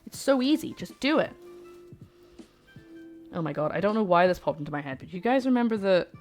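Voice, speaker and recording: A woman who lives in Scotland cooks while chatting casually with her livestream chat, joking and poking fun at herself. Her lowish, darkish voice has lively intonation and comes out rapid-fire over soft background music.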